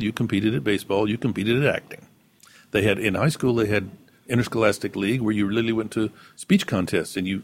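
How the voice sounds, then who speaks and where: A man's voice: fairly low pitch, breathy edge. A man from Texas, reflecting in a conversational interview in a thoughtful, storytelling way. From San Antonio, Texas. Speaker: actor being interviewed.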